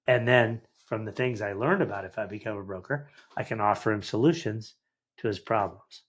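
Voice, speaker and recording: A lowish, husky male voice in his sixties, a guest on a conversational podcast. He tells anecdotes with lively energy and slips into the voices of the people he quotes. The delivery is casual and sincere. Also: a little fast. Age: 60s. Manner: animated anecdotal, acts out quoted dialogue. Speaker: guest entrepreneur. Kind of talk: conversational storytelling.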